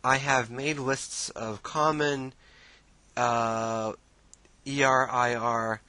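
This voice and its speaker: Man teaching casually with a bright voice. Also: mid-range voice, drawn-out words, no echo, poor audio. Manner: casual, relaxed teaching with many fillers and restarts. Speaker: language teacher. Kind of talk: screen-share tutorial explanation.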